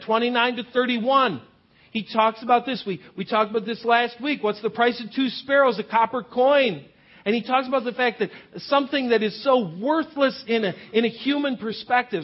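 High-voiced male pastor, dull lo-fi sound. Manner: casual, joking asides to the congregation. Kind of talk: conversational sermon.

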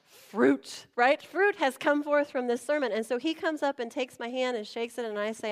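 A woman pastor preaching a sermon, telling a personal story with animated, acted-out dialogue to a congregation. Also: high voice, normal speed, few pauses. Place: church before a congregation.

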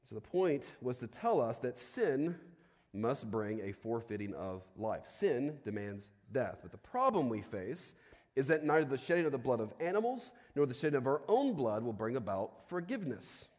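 A man preaching a sermon in a conversational way, often asking "right?", and dropping to a quiet, slow voice for solemn points. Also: mid-range voice, very animated. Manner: conversational preaching with frequent tag questions. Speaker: pastor. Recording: long hall reverb.

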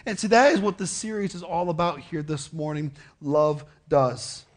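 A middle-aged man preaches to his congregation in a loose, conversational way. His voice sits a little high for a man, and he keeps asking the listeners questions and stumbling into repeated words. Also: normal speed. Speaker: pastor. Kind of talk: sermon.

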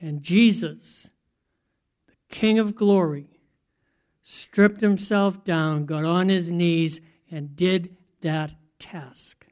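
Male preacher, high voice, conversational, asks the congregation questions. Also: fairly even intonation, extremely slow, a little mellow. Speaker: pastor. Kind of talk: sermon.

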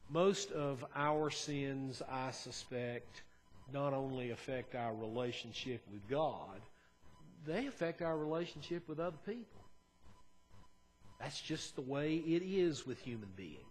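A man preaching a sermon as a pastor, talking in an earnest, conversational way and moving between quiet and emphatic moments. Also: medium pitch, a little slow.

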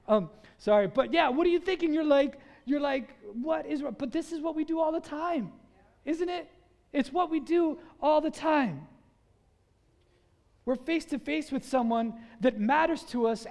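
A pastor delivering a lively sermon, his voice sitting unusually high for a man. He calls out to the congregation for responses and acts out everyday scenes to make his point.

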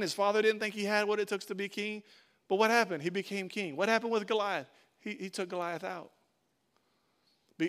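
A man's voice: high voice, a bit bright. A male pastor preaching a sermon, emphatic and direct, often repeating his phrases.

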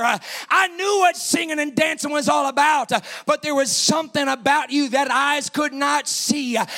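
A man from Texas preaching a sermon, swinging between shouts and hushed tones, with frequent "uh" fillers. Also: very high-pitched.

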